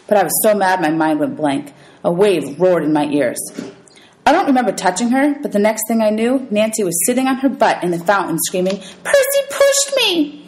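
A woman teacher reading a novel aloud to her students, telling it in a lively storytelling way. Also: mid-range voice, fairly quick, slight background noise, poor audio. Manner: lively storytelling with voices for characters.

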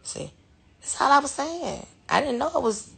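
A woman's voice: high voice, animated, normal speed, gravelly, bright, forceful tone. A woman ranting bluntly and defiantly on a live stream, swearing freely and laughing things off. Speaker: reality TV personality in a clip. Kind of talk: heated live-stream rant.

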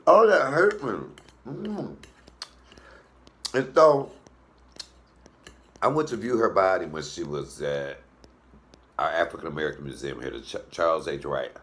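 A man who hosts a comedy cooking show, telling a story in a loose, animated way. He swears freely and jumps up into a high falsetto when he quotes people. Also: normal speed, pauses often.

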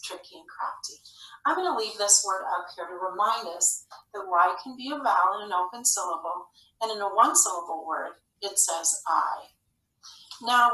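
A woman teacher with a bright tone explains a phonics lesson gently, step by step. She sounds a little way off from the mic in a roomy, echoing space. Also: mid-range voice. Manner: gentle, explanatory classroom delivery. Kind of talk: recorded video lesson. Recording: roomy, somewhat distant.

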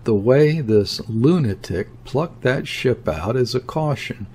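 A man voicing an awed, excitable ship's mate in an audiobook, with an odd, eager way of speaking. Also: mid-range voice, takes it slowly, slight background noise. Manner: eager, odd-sounding, breathless wonder.

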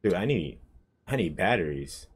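A man's voice: low voice, sing-song, moderate pace, breathy edge. A man giving casual, swearing commentary while playing a horror game and chatting with a viewer. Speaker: gamer streaming a horror game.

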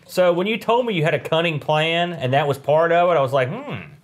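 A man's voice: on the high side, animated, fast talker. A man, co-hosting a casual chat with teasing, joking banter. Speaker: podcast co-host.

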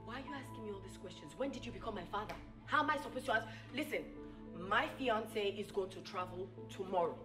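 A woman's voice: medium pitch, fast, natural voice. A woman with a Nigerian accent playing a defiant, scornful young woman who brushes off a former lover. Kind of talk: film drama acting. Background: music.

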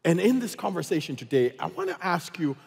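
Brief: male pastor, lively storytelling sermon, husky voice, long reverb of a big church hall. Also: on the high side, brisk. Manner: animated storytelling, acts out voices. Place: large church auditorium.

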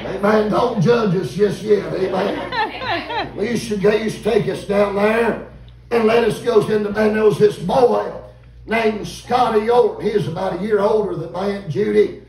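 A man, preaching a revival sermon in a folksy, animated storytelling way and calling out to the congregation. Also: high voice, a little slow. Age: 50s. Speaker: visiting preacher. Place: church sanctuary. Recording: echoey church room, mic at a distance.

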